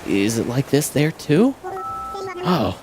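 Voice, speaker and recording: A streamer reading a game's dialogue aloud, voicing an aloof young male goat who drawls in a lazy, mellow way. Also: mid-range voice, huge pitch swings, takes it slowly, noisy background. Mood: laid-back.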